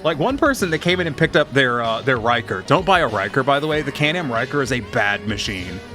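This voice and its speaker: A man's voice: mid-range voice, expressive, a little fast, over music. A man streaming a game, telling rambling, profane work stories in casual chat. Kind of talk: casual chat while gaming.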